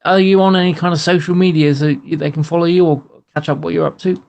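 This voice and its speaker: Fast gravelly male co-host. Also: on the high side, fairly even intonation, a little mellow, lo-fi sound. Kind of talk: casual interview chat.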